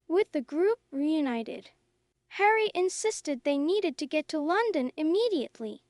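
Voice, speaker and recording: A woman narrating a story in a slow, clear, even reading for English learners. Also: high voice, no echo, studio quality.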